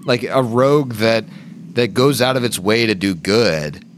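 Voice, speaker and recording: Low-voiced dude, game master rambling about character builds, swears a lot. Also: male voice, a little slow, a little hiss or hum. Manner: loose, swears freely. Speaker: podcast co-host and game master. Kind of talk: casual chat.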